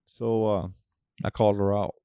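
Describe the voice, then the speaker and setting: A man hosting his own show, ranting in a casual monologue, blunt and profane with sudden loud outbursts. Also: fairly low pitch, little pitch movement, normal speed, vocal fry, clean tone, no echo. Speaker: podcast host.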